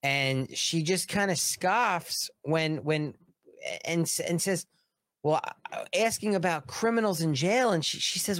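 A man's voice: on the high side, animated, a little slow, a bit bright, no echo, clean studio sound. Indignant male political commentator. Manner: emphatic, indignant, repeats words for emphasis.

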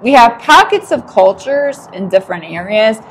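A woman's voice: a little high, expressive, normal speed, a little hiss or hum, rough recording. An American woman in casual conversation, talking with many fillers and frequent laughs. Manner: chatty, filler-heavy, laughs often. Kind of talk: casual chat.

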